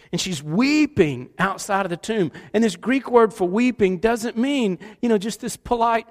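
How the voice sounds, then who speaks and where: High-voiced preacher in a reverberant hall. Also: male voice, moderate pace, hardly any pauses. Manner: animated storytelling, shifts between loud and hushed. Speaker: pastor. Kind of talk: sermon.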